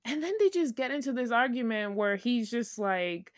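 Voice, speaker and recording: Animated woman podcast co-host. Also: a little high, moderate pace, dry recording, clean studio sound. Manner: animated, acts out quotes with laughs. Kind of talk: casual chat.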